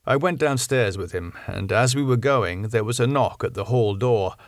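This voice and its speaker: A man narrating a classic novel in a measured, clear storytelling manner. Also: mid-range voice, no echo, studio quality. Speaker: audiobook narrator. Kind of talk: scripted narration.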